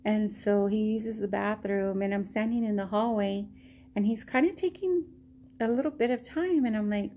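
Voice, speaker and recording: A woman from Texas telling a story in a slow, rambling way, with many pauses and ums. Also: mid-range voice, mellow, slight background noise. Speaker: vlogger. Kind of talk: casual story time.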